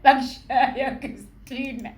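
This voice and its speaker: A woman hosting a reaction video, giving amused, drawn-out casual comments. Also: high voice, fairly even intonation, rough recording.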